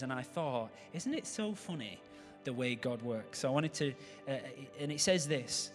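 A man's voice: mid-range voice, fairly quick, few pauses, faint music behind. Chatty man preaching. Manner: chatty, joking asides to the congregation. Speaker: pastor. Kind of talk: sermon.

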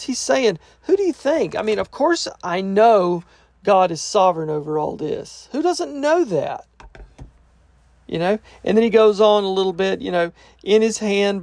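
A Bible teacher with a high voice and vocal fry, recorded with no echo, works through a scripture passage verse by verse. He reads each part aloud, then restates it in plain, casual words.

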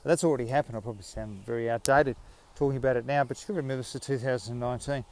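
A man's voice: mid-range voice, steady tone, racing, darkish tone, a little hiss or hum. An Australian man hosting a podcast, talking in a rambling, self-mocking way while out walking his dog. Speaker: podcast host. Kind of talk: casual rambling monologue.

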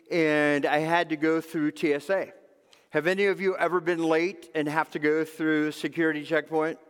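A man's voice: on the high side, smooth, in a large hall. A man preaching a sermon as pastor, telling a funny story and acting out its parts with animation. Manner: animated storyteller, acts out bits.

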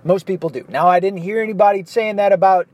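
A man's voice: high-pitched, fast, darkish tone. A blunt, profane man from the American South, ranting his opinions in a monologue while driving. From Southern US, Arkansas. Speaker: vlogger. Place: inside a car, driving. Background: faint car and street noise.

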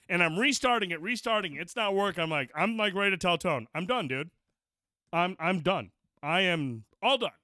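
A man's voice: high voice, sharp tone, no room sound, studio quality. A man co-hosting a podcast, chatting casually and telling rambling, profane stories. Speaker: podcast co-host. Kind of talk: casual chat.

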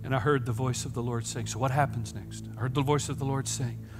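A man preaching a sermon, swinging from hushed whispers to loud, impassioned preaching. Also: mid-range voice, steady tone, fast talker, music in the background. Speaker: pastor.

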